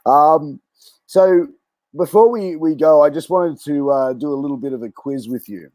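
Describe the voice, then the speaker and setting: An Australian man hosts a casual podcast, friendly and easygoing as he quizzes his guest. His voice sits a bit high for a man. The sound is close and dry. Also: moderate pace, dark tone, no echo. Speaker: podcast host.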